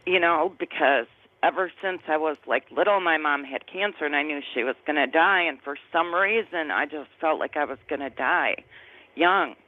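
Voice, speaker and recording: A woman's voice: deep voice, moderate pace. A woman in her fifties tells a personal testimony in conversation, earnest and emotional, often searching for words. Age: 50s. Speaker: guest sharing a testimony. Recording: tinny phone-like line, dry.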